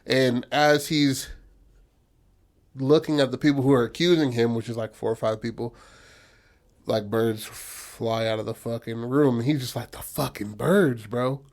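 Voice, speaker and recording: Profane, animated male storyteller. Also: mid-range voice, normal speed. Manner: loose, profane retelling with acted-out quotes. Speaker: podcast co-host. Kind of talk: casual storytelling chat.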